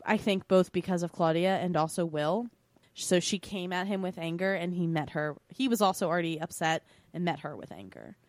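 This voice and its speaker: Woman podcast co-host, lowish voice, blunt opinionated recap chat, dry close sound. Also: expressive, normal speed, no room sound. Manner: blunt, opinionated, swears casually.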